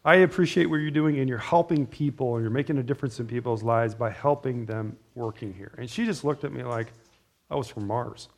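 A man's voice: medium pitch, a little fast. A middle-aged man preaching an informal sermon, telling stories in a rambling, conversational way with restarts and asides. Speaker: pastor.

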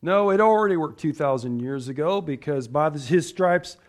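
A man's voice: on the high side, lively intonation, normal speed, few pauses. A man preaching a sermon, reading scripture aloud and stressing points with repeated rhetorical questions. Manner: rhetorical questions, emphatic and repetitive.

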